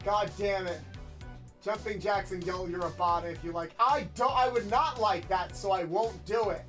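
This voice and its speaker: A woman streaming from home, chatting casually with her audience and breaking into loud, mock-outraged yelling. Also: mid-range voice, moderate pace, soft background music. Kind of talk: casual live-stream chat with chat.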